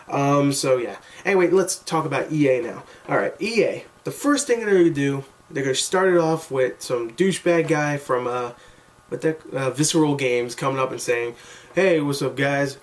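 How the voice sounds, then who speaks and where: A man's voice: mid-range voice, far from the mic. A tired man rambling casually and self-mockingly through his own predictions, with loose, chatty talk. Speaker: gaming video maker.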